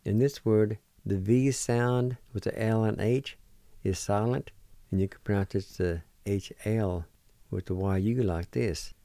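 Slow, gravelly-voiced man teaching words. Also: fairly low pitch, mellow, dry recording. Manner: patient, spells words letter by letter and repeats them; encouraging. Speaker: radio host teaching Cherokee words. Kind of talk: slow spelling and pronunciation lesson.

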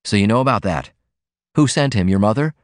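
A man voicing a proud young male writer in an audiobook, speaking in a measured, bitter, argumentative way. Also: on the low side, expressive, no echo, clean studio sound, close to an everyday voice. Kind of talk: audiobook character reading.

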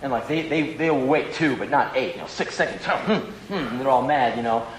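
A male stand-up comedian telling a long, profane, rambling story in an animated way to a live audience. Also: medium pitch, brisk, roomy sound, a little hiss or hum, rough recording.

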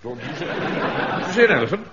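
An actor playing a pompous, self-important middle-aged captain in a radio sitcom, with a blustering, commanding manner. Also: male voice, on the high side, big pitch swings, unhurried. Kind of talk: 1970s radio sitcom acting. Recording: dull old radio recording with faint hiss.

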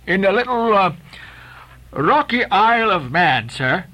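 Brief: man playing a wary old sailor, deferential, bright raised voice. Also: sits high, very animated, unhurried, voice pushed up, exaggerated voice, low-quality recording. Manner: deferential, says sir often. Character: old grey-haired male sailor, humble and wary.

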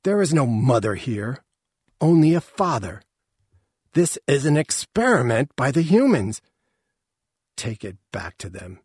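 A man's voice: mid-range voice, very animated, unhurried, slightly rough, dry recording, studio quality, voice pushed up, exaggerated voice. A man reading aloud voicing a harsh, contemptuous female alien elder with a cold, commanding manner.

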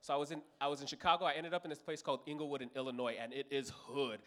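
A man's voice: mid-range voice, very fast. A man in his thirties from Los Angeles telling a profane stand-up story on stage. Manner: profane, storytelling, animated voices for characters. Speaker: stand-up comedian. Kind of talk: stand-up routine. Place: comedy club stage with audience.

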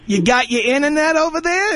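A man's voice: very high-pitched, animated, a little fast, fairly bright tone, no room sound. A man from New York hosting a call-in radio show, needling and condescending toward callers. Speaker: radio talk show host. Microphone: studio broadcast mic.

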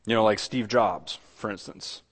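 A man preaching a sermon in a conversational way. He often repeats words and restarts, then swells louder on key points. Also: lowish voice, normal speed, husky. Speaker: pastor.

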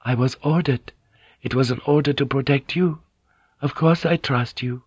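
A dignified, restrained noblewoman who speaks gravely and with calm composure, voiced by a man reading a novel aloud. Her voice is set somewhat higher than the reader's own. The sound is dull and lo-fi. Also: moderate pace, dry recording, natural voice. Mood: earnest.

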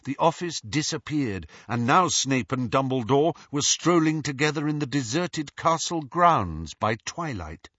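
Slow, expressive male audiobook narrator. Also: mid-range voice, dry recording, muffled recording. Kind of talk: scripted narration.

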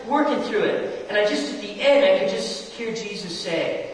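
A man's voice: very high-pitched, expressive, moderate pace, fairly bright tone, slight background noise. A man pastor preaching a sermon, talking straight to the congregation and asking them questions. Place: church hall. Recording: echoey hall, distant mic.

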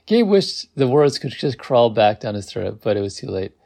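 A man's voice: mid-range voice, very animated, moderate pace, gravelly, a little mellow. A man reading a novel aloud, amused, who stops to comment on the text. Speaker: reader.

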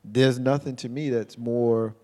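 A man co-hosting a casual chat, measured and hesitant, often restarting when he gives his opinion. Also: medium pitch, fairly even intonation, mellow. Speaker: podcast co-host. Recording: long reverb.

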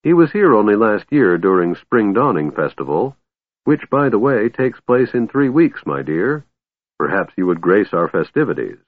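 Male narrator as a sniffy, pompous lord, low voice, tinny dry audiobook sound. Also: very animated, moderate pace, no echo. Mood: chatty, indulgent. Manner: sniffing, dismissive, indulgent. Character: pompous, gloomy older city lord. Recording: narrow phone-like audio, dry.

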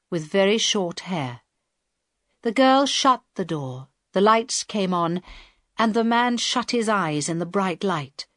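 A woman reading a story aloud as an audiobook narrator, in a deliberate, even storytelling manner. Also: mid-range voice, no echo, studio quality. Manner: slow, deliberate reading with quiet voiced dialogue. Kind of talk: scripted narration.

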